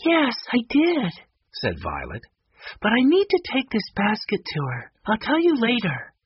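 A man reading a storybook aloud and voicing a shy, gentle young girl in a soft, high, polite voice, on a dull lo-fi recording. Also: huge pitch swings, unhurried, breathy edge, dry recording, full character voice.

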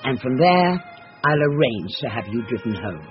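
A man's voice: medium pitch, sing-song, normal speed. A man narrating and acting in a dramatized novel reading, in a commanding, imperious manner, on dull lo-fi audio with faint music. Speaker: narrator and lead reader.

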